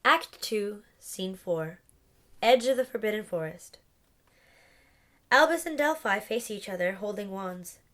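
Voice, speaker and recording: A woman's voice: medium pitch, animated, measured pace, pauses often, a bit bright. A woman reading a stage play aloud, saying the stage directions and the character names and giving each character a voice. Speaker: reader. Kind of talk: audiobook-style reading of a play script.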